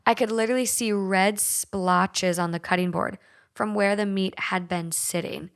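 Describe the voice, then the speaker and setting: A woman's voice: mid-range voice, steady tone, moderate pace, clean tone. A young woman with a light Minnesotan accent hosting a podcast, chatting casually, swearing freely and reading listener stories aloud. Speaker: podcast host.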